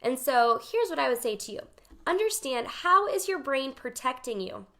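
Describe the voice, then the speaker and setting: A woman with a slightly high voice gives a casual coaching talk to her viewers. She is chatty and emphatic and keeps acting out her own thoughts in lively asides. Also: normal speed. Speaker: life coach. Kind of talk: casual talk to camera, live session.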